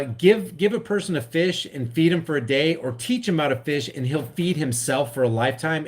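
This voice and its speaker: A middle-aged man rants through political commentary, his voice sitting notably high for a man. He talks with fired-up passion and keeps slipping into mocking impressions of scared people. Between rants he reads out viewer comments in a chatty way. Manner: impassioned ranting, acts out scared voices. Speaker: political vlogger reacting to a clip. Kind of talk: live-stream commentary reading comments.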